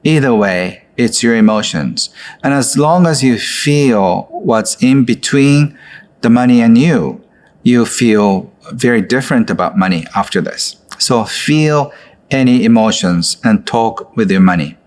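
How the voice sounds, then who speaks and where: A man who leads a guided exercise in an online course, speaking gently and coaxingly with frequent filler words. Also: medium pitch, lively intonation, unhurried. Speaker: course instructor.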